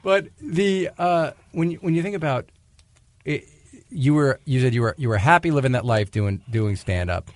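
A man's voice: medium pitch, expressive, normal speed, dry recording. A male host asking probing, reflective questions and hesitating as he searches for words. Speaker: interview host.

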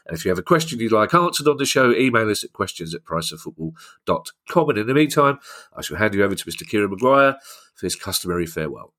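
A man hosting a podcast in relaxed, casual chat, with dry, teasing humour. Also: fairly low pitch, quick pace. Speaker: podcast host.

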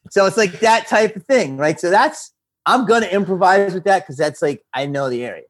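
A man with a Philadelphia accent, an actor and comedian talking casually as a guest, animated and swearing freely. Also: sits high, moderate pace. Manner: animated, swearing, slips into a Philly voice. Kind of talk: casual interview chat.

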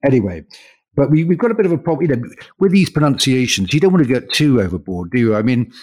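A man's voice: mid-range voice, big pitch swings, quick pace, a little mellow. A man co-hosting a news podcast, chatting casually as he reads out listener messages with his own asides. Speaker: podcast co-host.

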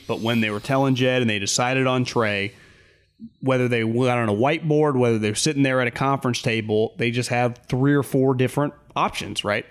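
A man co-hosting a sports talk show, talking through his guesses in an easygoing, conversational way. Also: mid-range voice. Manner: conversational, speculative, easygoing with laughs.

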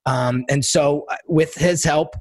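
A middle-aged man telling his life story in a casual interview, animated, acting out quotes and often repeating words. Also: fairly high pitch, a little slow, no echo. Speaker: guest entrepreneur and designer.

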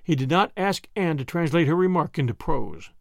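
A man's voice: fairly high pitch, moderate pace, creaky, no echo, studio quality. A man narrating a classic novel as an audiobook, telling it expressively. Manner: expressive storytelling.

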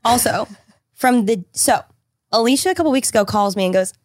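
A young woman telling a funny story in casual podcast chat, animated and quick to swear, acting out quotes. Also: a little high, dry recording, studio quality. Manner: animated, swears freely, quotes others in raised voice.

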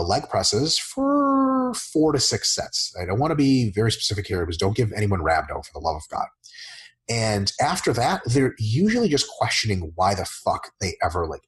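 A man with a very husky, raspy voice talks through coaching in a casual podcast Q&A. His pitch swings widely and he swears freely while acting out his clients in quick voices. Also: low-quality recording. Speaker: fitness coach answering listener questions.

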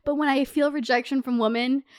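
A young woman telling a story in casual chat, animated and swearing, full of "like" fillers. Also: sits high, brisk, clear, resonant tone. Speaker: podcast host.

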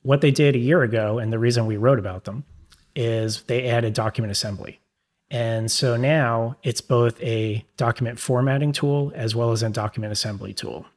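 A man's voice: medium pitch, fairly even intonation, normal speed. A man with a New York accent talks through products as a podcast guest. His voice sits in an ordinary middle register, and he explains things casually, with fillers and restarts. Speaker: podcast guest, legal tech publisher. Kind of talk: conversational interview.

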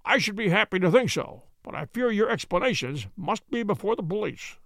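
A man's voice: sits high, lively intonation, brisk, gravelly, fairly bright tone, no room sound, full character voice. A man doing a cool, assured detective. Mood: stern. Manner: cool, stern and dry. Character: calm, assured middle-aged male detective.

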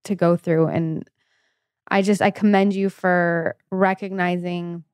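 A woman's voice: lowish voice, fairly even intonation, a little slow, a little mellow, smooth, dry recording. Supportive woman co-host, dry close mic. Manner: supportive and earnest, talks openly. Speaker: podcast co-host. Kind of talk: conversational interview.

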